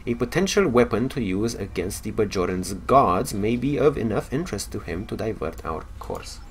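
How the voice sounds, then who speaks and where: A man with a Romanian accent reading the log of a curious male science officer in a space game, measured with small stumbles. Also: fairly low pitch, expressive, a little hiss or hum, lightly acted.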